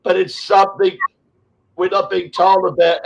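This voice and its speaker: Fiery sixties Australian man, high voice. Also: flat delivery, moderate pace, creaky, low-quality recording. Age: 60s. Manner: emotional, swearing heavily, rambling with restarts. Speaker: show host. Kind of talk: impassioned online chat.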